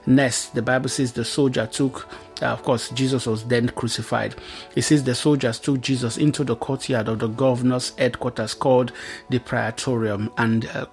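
A man preaching over faint music. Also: medium pitch. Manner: reads scripture aloud, then explains it with emphatic repetition. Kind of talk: Bible teaching sermon.

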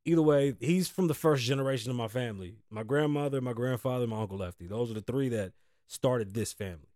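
A man's voice: mid-range voice, quick pace, mellow, dry recording, studio quality. A man hosting his own talk show, telling stories in a loose, profane, laughing way. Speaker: podcast host. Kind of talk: casual storytelling monologue.

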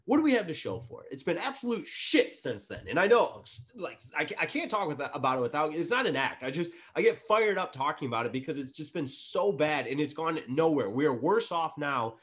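A man co-hosting a casual sports podcast, getting loud and fired up, then pulling himself back. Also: fairly high pitch, very animated, fairly quick, few pauses. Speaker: podcast co-host.

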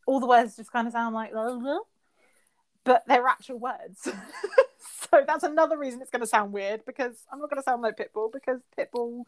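A woman's voice: fairly high pitch, a little fast. A married woman from England co-hosting a podcast over a call, rambling and self-deprecating as she chats. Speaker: podcast co-host. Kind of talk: casual chat. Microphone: remote call.

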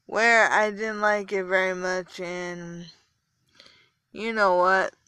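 A young adult woman podcaster, a little tired, rambling casually with halting pauses and fillers. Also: mid-range voice, flat delivery, bright, forceful tone, clean tone, dry recording. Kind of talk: casual solo podcast talk.

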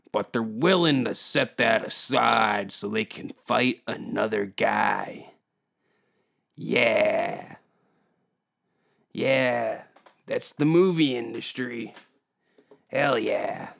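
A man hosting his own podcast, hungover and ranting with a steady stream of profanity. His voice sits at an ordinary middle pitch, and his delivery is blunt and exasperated. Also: gravelly. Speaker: podcast host. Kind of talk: solo podcast rant.

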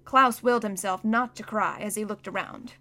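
A woman reading a children's novel aloud as narrator, expressive and acting out the scenes. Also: medium pitch, moderate pace. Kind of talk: audiobook narration.

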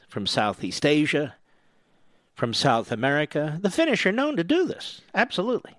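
A man's voice: fairly high pitch, a bit bright, dry recording. A man hosting a talk radio show, delivering a sarcastic, mocking and combative opinion monologue into a studio microphone. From US East Coast.

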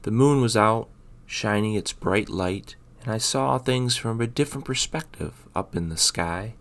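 Lower-voiced man reading a bedtime story. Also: a little slow, a bit bright. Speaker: podcast host and storyteller. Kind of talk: casual intro then scripted story narration.

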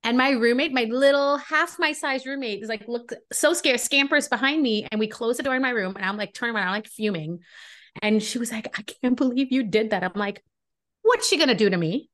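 A woman's voice: on the high side, fairly quick. A woman co-hosting a podcast, telling a story in casual chat and acting out the dialogue with indignation. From Brooklyn. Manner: animated, indignant, acts out dialogue. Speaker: podcast co-host.

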